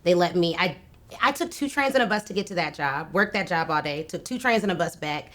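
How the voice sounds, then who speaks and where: A podcast guest in her thirties tells stories during a casual interview, her lowish voice moving fairly quickly. She brings lots of energy and laughs often.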